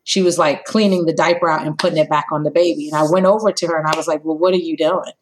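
A woman's voice: racing, slight background noise, low-quality recording. A woman in her thirties, a company co-founder telling her story in a podcast interview, acting out bits of dialogue as she goes. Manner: animated storyteller, acts out dialogue with big pitch jumps.

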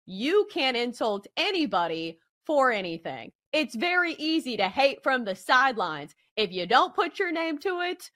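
A woman's voice: high voice, big pitch swings, normal speed, hardly any pauses, a bit bright. A woman hosting a sports betting show, arguing her point with emphasis. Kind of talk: opinion commentary.

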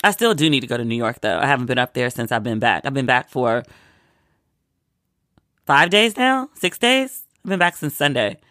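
Vlogger from Maryland, home sick, easygoing chatter with acted-out quotes, bright voice, dry room. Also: medium pitch, big pitch swings, normal speed, no echo. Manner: chatty storyteller, acts out quoted lines. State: sick with a cold. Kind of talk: casual chatty monologue.

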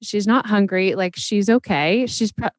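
A woman's voice: mid-range voice, a little slow, no echo. A woman host in casual podcast conversation, reflecting on parenting with many fillers.

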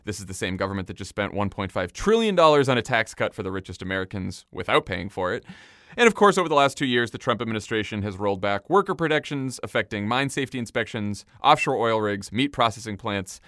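A man's voice: lowish voice, lively intonation, quick pace, a bit bright, no echo, clean studio sound. A man hosting a casual political chat podcast, indignant, sarcastic and profane. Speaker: podcast host.

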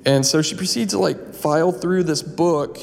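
Man, higher voice, rambling storytelling, lots of fillers, long reverb, faint music. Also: moderate pace, gravelly. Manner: rambling, full of "like" and "you know". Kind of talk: casual spoken storytelling.

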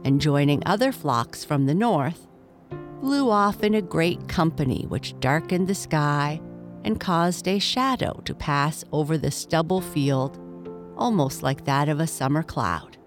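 A woman reading a children's bedtime story aloud in a gentle, measured way. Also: sits low, expressive. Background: faint music.

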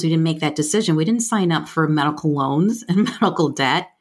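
A middle-aged woman from the United States, speaking as a healthcare finance guest in a frank, plain-spoken way with quick asides. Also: low voice. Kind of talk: conversational explaining.

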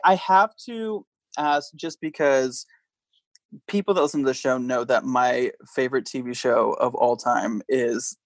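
A man's voice: medium pitch, dry recording. A man hosting a podcast, casually chatting and playfully quizzing his guest. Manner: playful, quizzing a guest with multiple-choice options. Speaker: podcast host. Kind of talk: casual chat.

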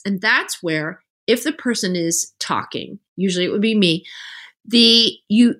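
A middle-aged woman, an author guest on an interview podcast, talking casually and acting out the voices she quotes. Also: medium pitch. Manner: animated storyteller, acts out quoted voices.

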